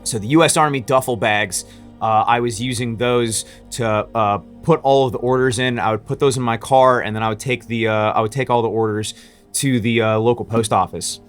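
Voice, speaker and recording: A man's voice: medium pitch, fairly even intonation, moderate pace, clear, resonant tone, faint music behind. A man who runs a small business, telling a story in a casual vlog, rambling with many restarts and fillers.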